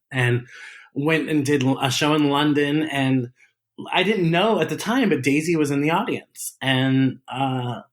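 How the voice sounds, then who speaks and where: A man talks as an interview guest in a relaxed, chatty way. He tells stories with lots of energy, laughs and giggles often, and restarts his sentences as he goes. His voice sits at an ordinary middle pitch. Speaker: guest, drag performer. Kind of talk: casual interview chat.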